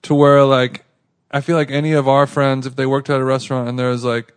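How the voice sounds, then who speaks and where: A man's voice: mid-range voice, a little fast, smooth. A man co-hosting a podcast, telling a rambling anecdote in casual chat with lots of restarts. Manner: rambling, animated anecdote with acted quotes. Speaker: podcast co-host.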